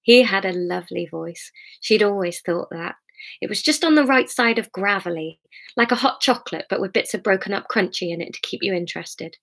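A woman's voice: mid-range voice, animated, fairly quick, gravelly, fairly bright tone. A woman reads her own novel to a live audience. She narrates expressively and breaks off for giggly, chatty asides to her listeners. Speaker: author reading her novel.

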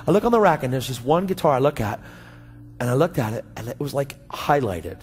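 A man preaching a sermon, telling a story in a slangy, animated way and acting out both sides of the conversation. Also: mid-range voice, brisk. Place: church sanctuary. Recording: church hall reverb with faint music.

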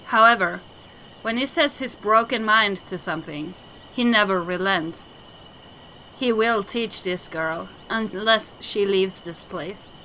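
A woman's voice: medium pitch, pushed and bright, a little hiss or hum, rough recording. A woman voicing a grave elder shaman who speaks in formal, solemn sentences. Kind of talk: game dialogue voicing.

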